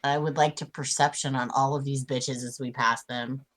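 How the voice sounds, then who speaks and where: A woman's voice: a bass voice, fairly even intonation, moderate pace, fairly bright tone. A woman playing a tabletop role-playing game, chatting in a brash, crude, joking way. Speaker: player. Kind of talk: casual tabletop game chat.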